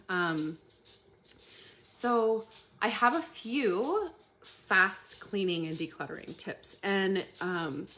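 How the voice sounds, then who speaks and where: Chatty, laughing woman with a low voice. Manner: chatty, laughs often, many ums and restarts. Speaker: community host giving tips. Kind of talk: casual live-stream talk to viewers.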